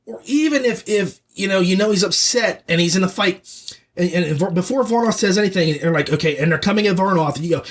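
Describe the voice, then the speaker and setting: A man hosting a podcast, giving a casual, opinionated audiobook review in an animated, rambling way with lots of restarts. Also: high-pitched, fairly quick, slight background noise.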